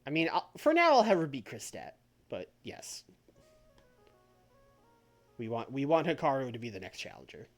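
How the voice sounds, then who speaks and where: The streamer's mid-range voice swings hugely in pitch, moving at normal speed with frequent pauses. In casual live-stream chat over faint background music, they reason aloud through a wrestling booking game, laughing and changing course mid-sentence.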